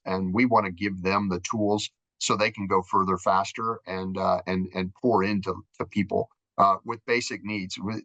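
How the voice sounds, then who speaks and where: A man's voice: sits low, fairly bright tone, no echo, poor audio. Fervent man. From Minnesota, USA. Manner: fervent, repeats words, acts out voices. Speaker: charity marketing executive, guest. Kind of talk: faith-driven interview talk.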